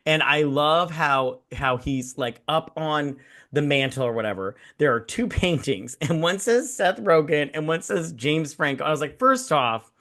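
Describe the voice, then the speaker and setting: A man's voice: fairly high pitch, expressive, unhurried, a bit bright. Profane, rambling male podcast host. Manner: profane, rambling, mimics people in mocking quoted voices. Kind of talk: casual drinking-show movie chat.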